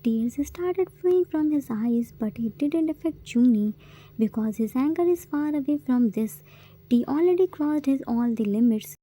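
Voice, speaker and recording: A woman reading fan fiction aloud, narrating in an even, steady way. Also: high voice, normal speed, no room sound, rough recording. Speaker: story reader.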